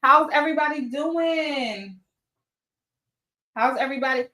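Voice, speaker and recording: A woman's voice: high-pitched, measured pace, sharp tone, reverberant. A woman hosting a casual livestream, greeting viewers by name and chatting loosely, sometimes swearing. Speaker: livestream host. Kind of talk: casual live chat.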